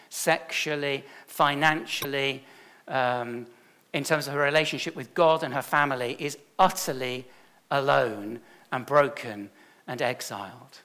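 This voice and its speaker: A man's voice: medium pitch, pushed and bright. A man, a church leader giving a chatty, self-deprecating sermon full of stories.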